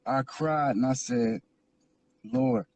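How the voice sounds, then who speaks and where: A man's voice: on the high side, normal speed, a little mellow, breathy edge, dry recording. A man from Philadelphia telling his life story as an interview guest, earnest and repetitive, building into preaching. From Philadelphia, USA. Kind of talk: emotional personal testimony.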